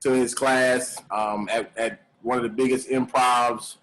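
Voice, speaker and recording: A man in the middle of his range hosts a relaxed podcast chat over a live stream. He talks in a laid-back way, circling back over his words with fillers and restarts. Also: mid-range voice, a little slow, slight background noise, rough recording. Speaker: podcast host. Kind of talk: casual chat. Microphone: live stream call.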